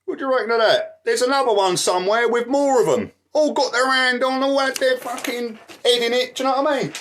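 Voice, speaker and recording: A man's voice: very high voice, brisk, hardly any pauses, fairly bright tone, a little hiss or hum. A man ranting angrily in a vlog, swearing constantly and asking "right?" as he goes. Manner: shuffles through papers, voice drifts from the mic. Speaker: activist vlogger.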